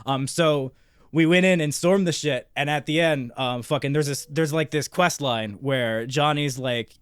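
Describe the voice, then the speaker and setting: A man co-hosting a podcast, telling a long, excitable story in casual chat with constant swearing and restarts. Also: on the high side, a little slow, clean tone, dry recording. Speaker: podcast co-host.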